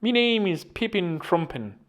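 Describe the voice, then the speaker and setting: A man's voice: high-pitched, very animated, unhurried, pitched above the performer's own voice. A man voicing a jolly Irish fellow, putting on an Irish accent with a cheery, sing-song delivery. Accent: Irish, put on.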